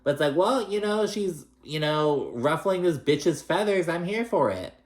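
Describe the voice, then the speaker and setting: A man's voice: on the high side, lively intonation, a little slow. A man giving a casual, gossipy reality TV recap, chatty and profane with plenty of fillers. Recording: roomy echo.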